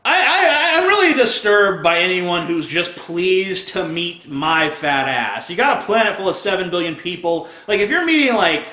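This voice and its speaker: A man with a somewhat high, forceful voice rants crudely and sarcastically straight to camera. He swears freely and laughs at his own jokes. The sound bounces around an echoey room. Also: sing-song, moderate pace, few pauses. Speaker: video blogger. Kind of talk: profane comic rant to camera.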